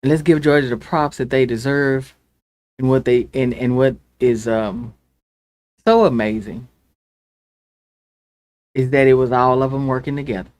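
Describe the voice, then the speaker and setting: A woman hosting her own show, delivering an angry, impassioned political rant that swings from loud outbursts to hushed pleading. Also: a bass voice, steady tone, a little slow, pauses often, no room sound. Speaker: show host.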